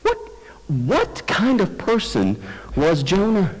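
Animated pastor preaching in a reverberant hall. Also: male voice, high-pitched, slow. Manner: animated, conversational, self-deprecating. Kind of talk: sermon. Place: church sanctuary. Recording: long church hall reverb.

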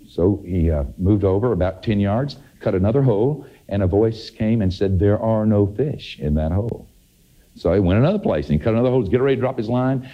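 Preaching man with a husky, dark voice. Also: highs cut off. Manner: emphatic preaching with sharp jumps in pitch. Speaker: pastor. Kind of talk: sermon.

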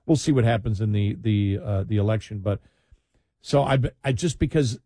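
A man's voice: on the low side, normal speed, warm tone, dry recording, clean studio sound. A man chatting casually about politics, rambling with restarts and sarcastic asides.

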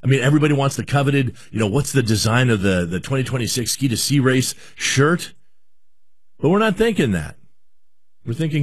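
A man's voice: medium pitch, very animated, brisk, dry recording. Guy on talk radio ranting, keeps repeating himself, dry studio sound. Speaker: radio talk show host.

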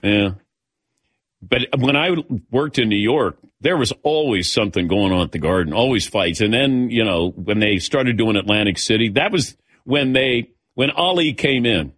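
A man's voice: fairly low pitch, expressive, moderate pace, fairly bright tone, no echo. Older man telling sports stories. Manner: storytelling, calls on co-hosts by name. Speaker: host. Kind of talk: casual chat.

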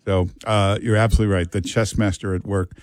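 A man's voice: fairly low pitch, little pitch movement, quick pace, darkish tone, no echo. A man hosting talk radio, blunt and joking, talking to callers and his co-host. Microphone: studio mic.

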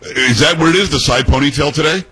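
Husky, bright-voiced radio host teasing. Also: male voice, on the high side, poor audio. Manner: teasing, laughs a lot, quick jokes. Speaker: radio talk show host. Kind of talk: casual banter on air.

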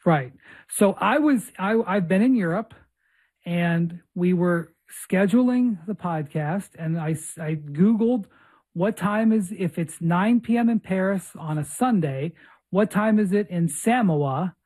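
Husky animated male podcast host. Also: sits high, measured pace. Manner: animated anecdote telling, acting out dialogue. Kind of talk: casual podcast chat.

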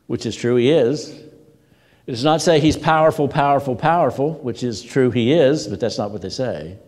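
Pastor preaching with warm, ringing reverb. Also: male voice, mid-range voice. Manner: animated storytelling, repeats words for emphasis. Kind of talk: sermon. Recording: long hall reverb.

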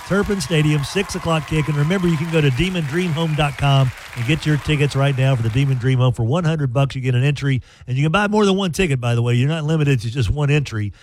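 A man hosting a sports radio show, chatty and folksy, telling stories in a lively way. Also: mid-range voice. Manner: chatty, folksy, animated storytelling. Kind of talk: casual sports radio talk.

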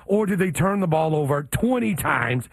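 A man's voice: on the high side, expressive, normal speed, vocal fry, dry recording. A man co-hosting a sports talk radio show, firing off pointed rhetorical questions.

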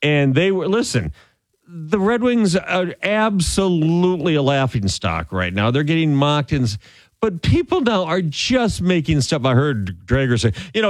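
An opinionated man hosting sports talk radio, his voice pitched a little high and swinging widely as he argues his point. He restarts sentences as his thoughts race ahead. The studio sound is close and dry. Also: dry recording. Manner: opinionated, animated, quick restarts.

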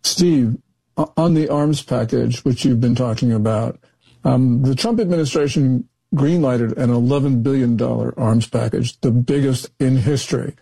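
A man's voice: medium pitch, normal speed, vocal fry, dark tone, breathy edge, no echo, low-quality recording. A man on a political talk show who lays out background before putting probing questions to the guest. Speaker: panelist asking questions.

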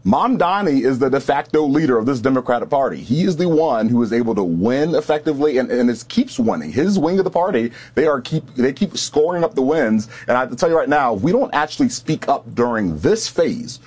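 A man's voice: mid-range voice, animated, a little fast, few pauses, a little mellow, breathy edge. A man speaking as a panel guest, impassioned, often repeating words as he starts a point. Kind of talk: panel discussion commentary.

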